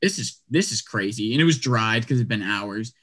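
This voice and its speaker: A man telling a long story in casual chat, animated and acting out what people said, with lots of "like" and quick restarts. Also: lowish voice. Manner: animated, acts out quotes, lots of "like".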